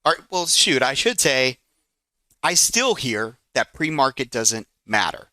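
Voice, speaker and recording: An eager man in his forties leads a live trading session. His voice is bright and forceful, clean and smooth, recorded close and dry. He talks in a chatty, excitable way and keeps breaking off to handle trades. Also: medium pitch, unhurried, no echo. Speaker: trading educator. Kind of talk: live trading room teaching.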